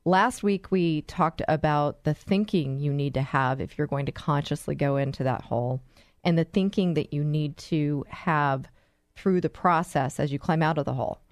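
Woman, talk show host, enthusiastic, storytelling, low-pitched, dry close sound. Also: moderate pace, dry recording. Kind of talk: radio talk show hosting.

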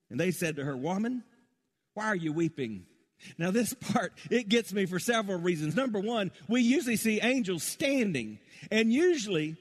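A middle-aged man preaches in a church sanctuary, his somewhat high voice climbing to loud, emphatic peaks before falling to soft, low asides. The long reverb of the large hall trails behind every phrase. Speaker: pastor. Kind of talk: sermon.

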